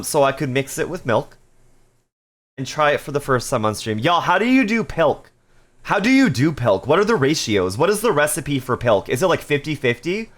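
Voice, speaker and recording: On a live stream, a man chats casually and reads viewer messages aloud, cracking playful jokes and laughing often. His voice is mid-range and a bit bright.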